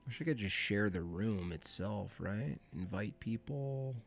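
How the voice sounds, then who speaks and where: A man's voice: lowish voice, expressive, unhurried, vocal fry, soft background music. A man hosting a call-in livestream, chatting casually and rambling to himself as he sets things up. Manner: rambling, laid-back, talks to himself while setting up. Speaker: livestream host.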